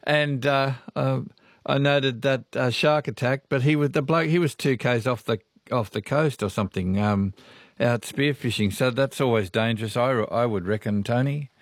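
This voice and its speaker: A man's voice: medium pitch, moderate pace, no room sound, clean studio sound. A man with an Australian accent hosting a radio call-in show, chatting in a folksy, friendly way. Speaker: radio host.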